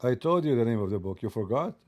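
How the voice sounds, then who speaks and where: A man's voice: medium pitch, lively intonation, fast, darkish tone. A man hosting a live-streamed religious debate, sarcastic and mocking, his voice rising as he argues. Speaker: debate host.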